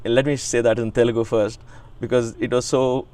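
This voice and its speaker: A man's voice: medium pitch, flat delivery, moderate pace. Man in his sixties, interviewee, earnest, reverent, reflective storytelling. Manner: earnest, reverent, frequent restarts and soft laughs.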